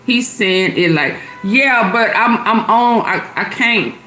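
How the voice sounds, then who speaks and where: A middle-aged woman hosts a casual live stream, answering her viewers' comments as they come in. She talks at an unhurried pace, easy and chatty. Faint music plays quietly underneath her voice. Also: a little high, lively intonation. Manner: chatty, answers chat comments aloud, laughs often. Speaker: livestream host.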